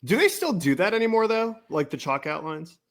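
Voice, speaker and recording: A man's voice: sits high, big pitch swings, a little fast. A man co-hosting a podcast in casual chat, telling stories in a laid-back, rambling way. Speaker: podcast co-host.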